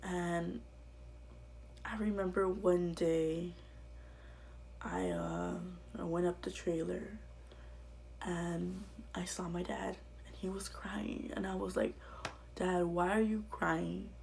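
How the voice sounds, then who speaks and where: A woman vlogger telling her own life story to camera in a halting, quiet way that often drops to a whisper. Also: on the low side, level tone, gravelly, a little hiss or hum.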